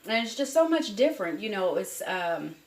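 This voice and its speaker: A woman's voice: mid-range voice, very animated, moderate pace. A woman with a Southern US accent chatting casually while she cooks, folksy and talkative, calling her viewers honey and baby. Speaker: cooking vlogger. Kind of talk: casual cooking chat to camera. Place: home kitchen. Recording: roomy kitchen with cooking noises. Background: faint clatter of dishes and cutlery.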